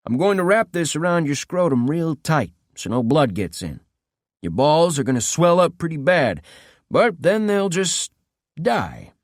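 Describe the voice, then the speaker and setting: A man doing a cruel gang leader who sneers with menacing calm, his voice swinging up and down as he taunts. Dry, close audiobook sound. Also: a little high, measured pace, dry recording, voice pushed up. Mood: mocking.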